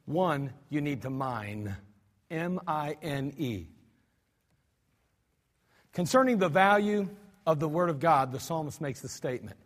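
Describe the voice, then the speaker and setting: High-voiced animated preacher in a reverberant hall. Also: male voice. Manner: animated, acts out cries and mock cussing, many restarts. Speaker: pastor. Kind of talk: sermon. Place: church sanctuary. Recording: archived service recording with long hall reverb.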